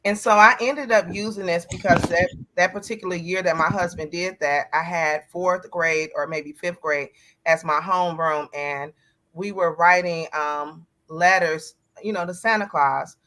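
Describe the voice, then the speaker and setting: Middle-aged woman guest, bright, candid and reflective, talk-show panelist telling a personal story. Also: on the low side, steady tone, a little slow.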